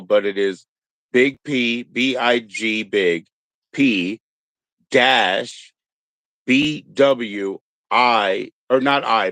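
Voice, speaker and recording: A man's voice: medium pitch, slow, fairly bright tone, dry recording. A man in his thirties hosting a livestream, rambling and joking crudely in a casual chat. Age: 30s. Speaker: streamer host.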